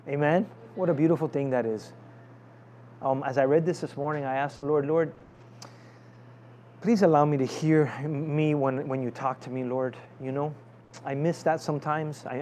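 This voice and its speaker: A man's voice: a little high, mellow, a little hiss or hum. A male pastor preaching in a loose, conversational way and calling for amens from the congregation. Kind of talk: sermon with prayer.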